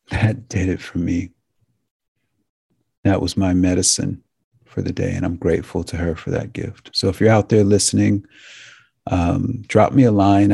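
A man hosting a talk show, speaking earnestly and emotionally to his listeners, halting and restarting as he goes. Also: low voice, gravelly, dark tone, slightly rough, dry recording, studio quality. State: tearing up. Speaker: podcast host. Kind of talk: heartfelt monologue to listeners.

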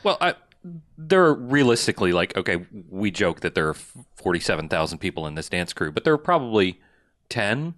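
A man's voice: low-pitched, big pitch swings, moderate pace, fairly bright tone, no room sound, clean studio sound. A man co-hosting a casual movie podcast, tossing in sarcastic comments. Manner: sarcastic interjections. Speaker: podcast co-host. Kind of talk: casual movie-review chat.

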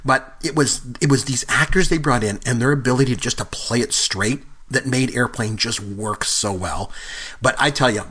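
A man's voice: medium pitch, moderate pace, bright, forceful tone, husky. A man co-hosting a casual film podcast, talking about movies with eager, knowledgeable enthusiasm. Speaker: podcast co-host.

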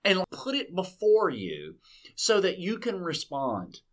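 A man, a pastor co-hosting a podcast, talking in a lively, incredulous, conversational way about a sermon. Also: high voice, slow. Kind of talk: casual theological discussion.

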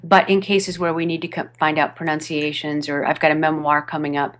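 A woman with a fairly low voice talks about her narration work in a relaxed interview. She speaks animatedly, laughs often and restarts her sentences as she goes. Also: a little fast. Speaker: audiobook narrator. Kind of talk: podcast interview chat. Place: home studio over a video call.

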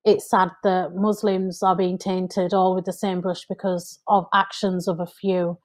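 A woman's voice: on the low side, measured pace. Earnest English woman telling a story. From United Kingdom. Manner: earnest, animated when quoting people. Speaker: podcast guest. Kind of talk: conversational storytelling.

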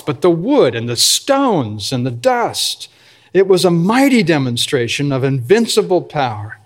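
Earnest pastor preaching, slightly high voice. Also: male voice. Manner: earnest preaching with slow emphatic phrases. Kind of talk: sermon.

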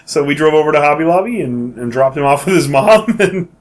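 A man in casual chat, relaxed, telling a childhood story with dry humor and chuckles. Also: fairly high pitch, brisk.

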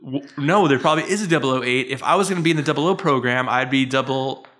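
A man's voice: medium pitch, quick pace, fairly bright tone. A man co-hosting a comedy podcast, rambling and joking in casual chat. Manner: rambling, joking, laughs often. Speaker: podcast co-host.

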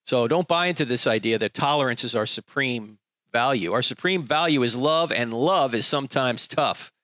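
A man's voice: mid-range voice, normal speed, fairly bright tone, no room sound. A man preaching a sermon in an emphatic, rhetorical way, acting out the people he quotes.

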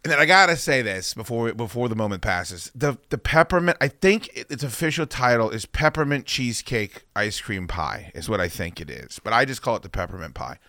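Podcast guy ranting and swearing thru stories, bright tone, super dry mic. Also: mid-range voice, a little fast, hardly any pauses, dry recording. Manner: profane, animated storytelling. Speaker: podcast co-host. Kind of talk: casual chat.

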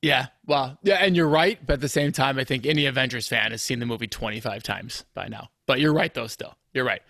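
A man's voice: medium pitch, a little fast, creaky, a bit bright, dry recording. Easygoing podcast host man, dry sound. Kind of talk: casual podcast chat.

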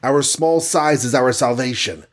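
A man's voice: mid-range voice, measured pace, lightly acted. Decisive hero guy barking orders, as the narrator does him, clipped and urgent. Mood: commanding. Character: adult male hero, decisive and commanding.

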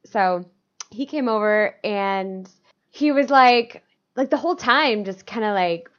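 Young woman with a lively, animated voice. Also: medium pitch, slow. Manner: lively, laughs easily, swears casually. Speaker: podcast co-host. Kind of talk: casual comedic chat. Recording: dull lo-fi podcast audio.

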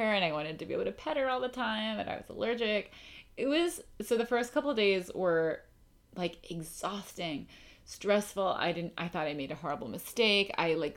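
A young adult woman hosting her own podcast from home, chatting casually and emotionally, rambling with fillers and restarts. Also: on the low side. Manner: rambling, emotional, lots of fillers and self-interruptions. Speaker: podcast host. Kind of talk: casual solo podcast chat.

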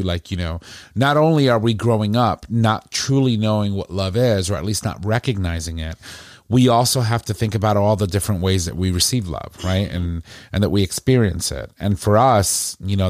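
Low-voiced man musing in casual chat. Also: moderate pace, no room sound, clean studio sound. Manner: reflective, conversational. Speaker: podcast co-host.

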